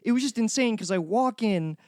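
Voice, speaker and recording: A man's voice: high-pitched, expressive, a little fast, a little mellow, dry recording, studio quality. A young man in casual comedic podcast chat, crude and rambling, laughing often. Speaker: podcast co-host.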